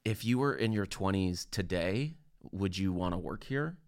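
A man with a low, gravelly voice hosts a relaxed conversation. He keeps the guest going with short agreements and loose, informal questions. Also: moderate pace. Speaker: podcast host. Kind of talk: casual interview chat.

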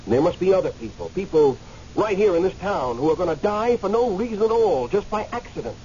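A man's voice: sits high, animated, brisk, dark tone. An actor playing a man who has just died and lingers in limbo, hesitant and stammering at times, then impassioned, in a radio drama. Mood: earnest, agitated. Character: newly dead man, angry, pleading. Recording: muffled radio recording, faint hiss.

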